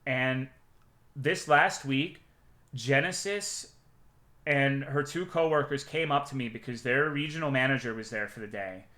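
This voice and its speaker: A young man streaming, telling profane, animated anecdotes to his chat and acting out the quotes. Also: medium pitch, a little slow. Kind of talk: casual storytelling to chat.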